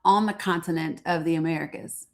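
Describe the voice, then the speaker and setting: A woman's voice: deep voice, steady tone, brisk. A woman hosting a live stream, teasing and skeptical as she presses her caller with repeated pointed questions and laughs often. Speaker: livestream host. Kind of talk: casual live-stream debate.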